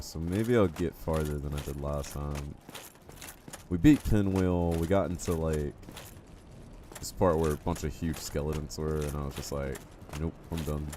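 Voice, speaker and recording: A man's voice: very deep voice, mellow, a little hiss or hum. A man streaming a game live, chatting casually and joking with his viewers. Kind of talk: casual live-stream chat while playing.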